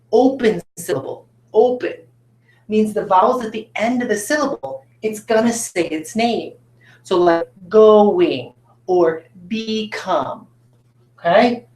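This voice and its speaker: A woman teacher giving a recorded phonics lesson, patiently asking questions and answering them herself. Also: medium pitch. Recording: echoey room.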